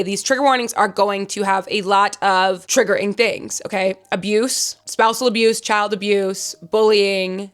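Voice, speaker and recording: A young woman reviewing a book in a casual vlog, chatty and rambling, gushing with excitement and breaking into squeals. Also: mid-range voice. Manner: chatty, rambling, full of fillers.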